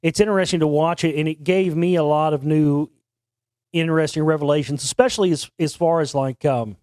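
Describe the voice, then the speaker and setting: A man's voice: on the high side, fairly even intonation, a little fast, a little mellow, dry recording, clean studio sound. A man hosting an internet talk show, telling a long story in a rambling, casual way with frequent restarts and casual swearing. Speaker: podcast host.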